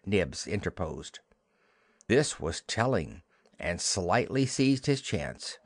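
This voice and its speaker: A man narrating a classic children's novel as an audiobook, in an expressive storytelling manner. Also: low voice, slow pace, no room sound, clean studio sound.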